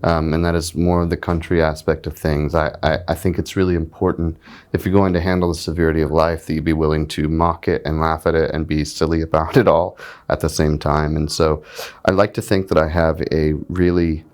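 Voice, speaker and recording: Low-voiced, reflective man from North Carolina. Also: level tone, a little mellow. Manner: reflective and articulate, with frequent pauses and fillers. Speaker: musician being interviewed. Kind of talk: backstage interview. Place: festival backstage.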